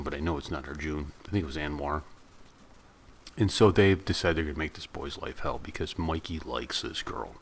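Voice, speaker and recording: A man reviewing a film in a casual, rambling retelling full of asides. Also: rumbling low. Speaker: movie reviewer.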